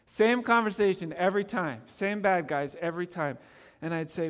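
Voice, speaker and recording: A middle-aged man from Canada preaching a sermon as a pastor, talking in an earnest, conversational way with gentle humor. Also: a little high, normal speed. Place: church sanctuary. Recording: long reverb of a church hall.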